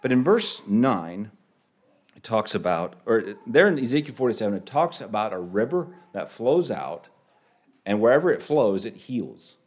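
Halting, lively-voiced male preacher. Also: medium pitch. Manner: halting, repeats words, lively rises on key phrases. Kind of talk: sermon.

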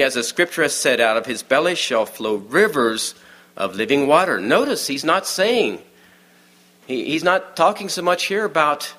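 A man giving a sermon in a conversational, storytelling way, often dropping to a hush for the quiet moments. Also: fairly high pitch, sing-song, normal speed. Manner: many restarts and fillers, informal aside. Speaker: preacher.

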